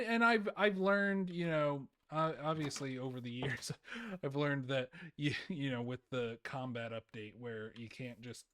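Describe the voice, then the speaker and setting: A man's voice: mid-range voice, a bit bright. A young man streaming a game, rambling in casual commentary with frequent laughs and repeated words.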